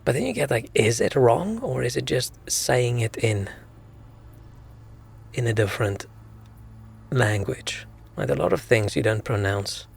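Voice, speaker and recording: A man's voice: medium pitch, animated, unhurried, gravelly, long pauses, slightly rough. A man streaming a video game, rambling and musing aloud in casual commentary.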